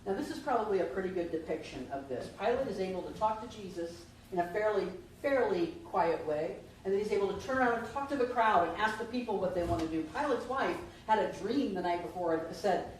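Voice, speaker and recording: A woman minister delivers a conversational Easter sermon in a church sanctuary, putting questions to the congregation. Her mid-range voice is expressive and fairly quick, with hardly any pauses. A distant mic captures her in a very echoey hall with faint noise.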